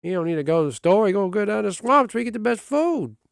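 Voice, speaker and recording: A man's voice: high-pitched, sing-song, racing, gravelly, clear, resonant tone, no echo, clean studio sound, voice pushed up, full character voice. A man voicing a boastful swamp-dwelling man who hunts his own dinner, talking in a folksy, bragging way.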